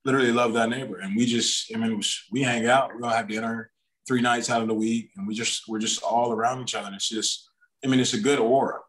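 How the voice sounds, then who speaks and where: A man's voice: mid-range voice, fairly even intonation, fast, fairly bright tone, poor audio. A young man, a pro football player guest, chatting casually in an interview and rambling through many restarts and fillers. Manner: self-aware talker.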